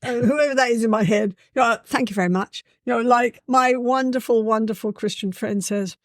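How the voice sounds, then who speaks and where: Woman, lively storyteller, dry sound. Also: on the high side, moderate pace, no echo. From England. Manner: lively, warm-hearted, with a frequent "you know". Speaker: guest. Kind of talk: casual conversational storytelling.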